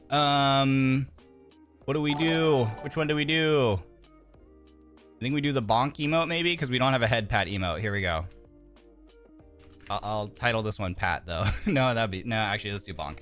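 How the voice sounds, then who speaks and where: A man's voice: mid-range voice, lively intonation, moderate pace, long pauses, fairly bright tone, faint music behind. A young man on a casual livestream, cheerfully welcoming viewers by name and thanking them, often stumbling over names. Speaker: streamer.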